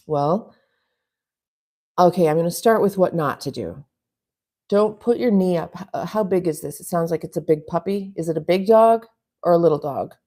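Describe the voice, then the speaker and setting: Brief: chatty stream host, woman, rambling and relaxed, low warm tone. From US West Coast. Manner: rambling, chatty, laughs often. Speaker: livestream host reading chat. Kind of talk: casual live chat.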